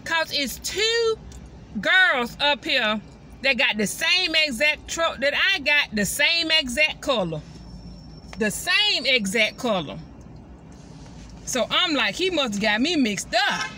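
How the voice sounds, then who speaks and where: A woman and mother chatting casually to her viewers from inside her truck, animated and constantly addressing them directly. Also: high-pitched, measured pace, slight background noise. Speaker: vlogger and mother.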